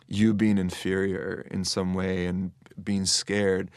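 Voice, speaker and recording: A man with a lowish voice, recorded dry and close with no room echo. He talks earnestly and reflectively as an interview guest, thinking aloud and often restarting his sentences. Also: little pitch movement, slow, clean tone. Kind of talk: casual interview chat.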